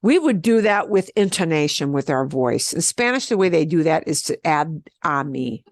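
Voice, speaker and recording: A woman's voice: low-pitched, very animated, normal speed, dry recording. A woman teaching a beginners' Spanish class over a video call, explaining patiently and checking in with "okay?" often.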